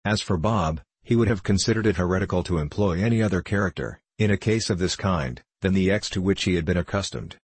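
A man narrating a classic story aloud in a measured, formal storytelling manner. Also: sits low, breathy edge, no room sound. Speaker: audiobook reader.

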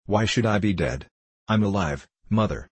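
A man voicing an ailing, pious old pilgrim who speaks slowly and wearily. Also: fairly low pitch, expressive, breathy edge, no room sound. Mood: weary.

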